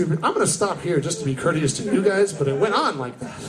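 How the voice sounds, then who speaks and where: A young man performing a stand-up comedy set in a live club, telling stories with energy and breaking into shouted character voices. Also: a little high, animated, brisk, few pauses. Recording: noisy live club recording. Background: audience laughter.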